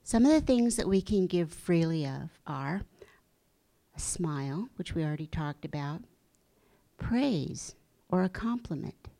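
A middle-aged woman with a somewhat low voice gives a gentle spiritual talk. She speaks reflectively, slowing down at times and sinking to a soft, breathy hush. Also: lively intonation. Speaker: spiritual teacher.

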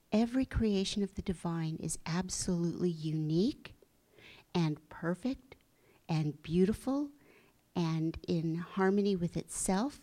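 A woman giving a gentle, earnest inspirational talk, dropping into soft whispers for emphasis. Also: mid-range voice. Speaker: spiritual speaker.

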